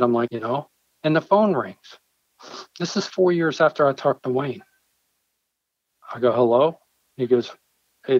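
A man with a mid-range voice, a pastor recounting a dramatic story in an earnest, storytelling way, lively in how he voices the people he quotes. The sound is dry and close, with a dull, slightly lo-fi edge. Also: medium pitch, dry recording. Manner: earnest, vivid storyteller who acts out his own quoted dialogue. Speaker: church pastor. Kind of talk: personal storytelling in an interview.

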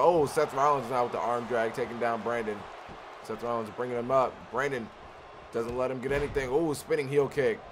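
A man calls a wrestling video game match play-by-play at middle pitch, excitable and quick to shout when a big move lands. A clear layer of noise runs under the home recording.

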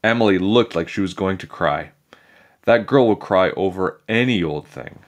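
A man reading a children's chapter book aloud in a playful, animated storytelling manner. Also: sits low, moderate pace. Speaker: storybook reader.

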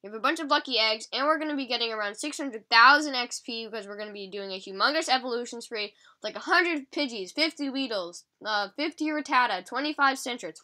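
Stuffy-nosed woman chatting to viewers over her phone game, bright and excitable. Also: a little high, fairly quick, hardly any pauses. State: stuffy nose, sniffly. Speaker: mobile game channel host. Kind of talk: casual gameplay commentary.

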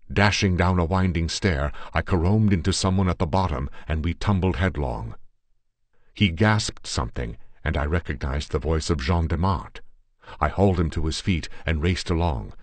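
A man narrating an adventure story in the first person with a measured, dramatic reading. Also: extremely low pitch, no room sound. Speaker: audiobook narrator.

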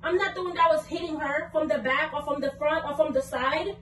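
A young woman vlogger arguing in anger, cursing and repeating herself, at times breaking into shouts. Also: high-pitched, fairly even intonation, a little fast. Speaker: vlogger, girlfriend in a prank video. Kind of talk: heated casual argument. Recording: echoey room, mic at a distance, faint noise.

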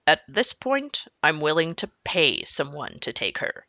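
A woman's voice: low voice, big pitch swings, a little slow, sharp tone, dry recording, highs cut off, full character voice. A woman voicing a grumpy, stubborn middle-aged father in a children's book read aloud, speaking stern and clipped.

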